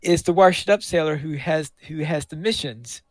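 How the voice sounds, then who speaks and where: A man chatting on a gaming podcast, his voice sitting a little high. He talks in a halting way and restarts his sentences often. The sound is dry and close. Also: no room sound. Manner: halting, repeats words while thinking. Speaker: podcast co-host. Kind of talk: casual chat.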